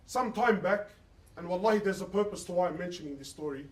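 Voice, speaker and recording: Man preaching, high-pitched, impassioned, heard from a distance. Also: fast, roomy sound. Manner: impassioned, quotes others in dialogue, asks rhetorical questions. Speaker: Islamic preacher. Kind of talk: emotional sermon.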